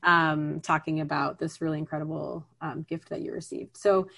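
A woman's voice: sits low, flat delivery, vocal fry, a bit bright. A woman hosting a podcast interview, encouraging her guest and asking friendly follow-up questions in a casual tone. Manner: encouraging, quick to affirm and ask follow-up questions. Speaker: podcast host.

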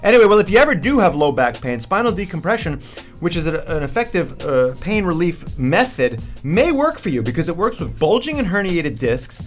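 A quick-talking New man co-hosts a radio show, wisecracking and then rattling off a live ad read. His voice sits a little high and swings around a lot. Faint music plays underneath. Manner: fast, wisecracking, animated. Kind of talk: joking sports radio banter with live ad reads.

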